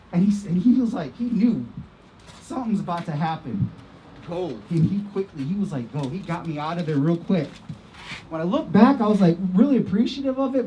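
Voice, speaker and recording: A man's voice: high voice, highs cut off, a little hiss or hum. A man from Iowa giving an earnest personal testimony as a speaker at an outdoor vigil, repeating himself as his feelings rise. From Iowa, USA. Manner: earnest, impassioned storytelling with repetitions.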